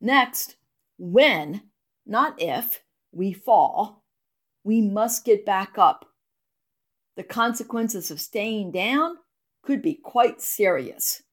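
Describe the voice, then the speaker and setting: A woman reading her ministry blog, unhurried and lively, earnest devotional storytelling. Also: medium pitch. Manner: expressive, earnest storytelling read.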